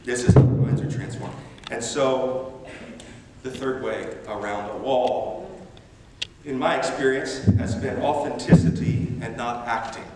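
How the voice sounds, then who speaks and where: A man preaching a sermon as a missionary, animated and emphatic, with self-deprecating humor. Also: mid-range voice, a little slow, distant mic, heavy background noise. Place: large church sanctuary. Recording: echoey church hall from afar.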